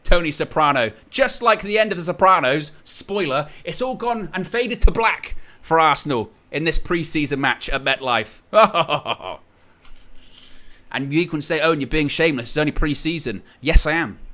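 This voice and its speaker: Guy hosting a live match watchalong, gloating and teasing nonstop, high bright voice. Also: lively intonation, a little slow. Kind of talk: live stream commentary.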